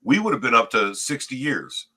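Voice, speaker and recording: Middle-aged guy telling a story, swears a lot, bright forceful voice, keeps saying right?. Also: medium pitch, moderate pace, breathy edge. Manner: profane, animated storyteller, says "right?" often. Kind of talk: casual storytelling chat.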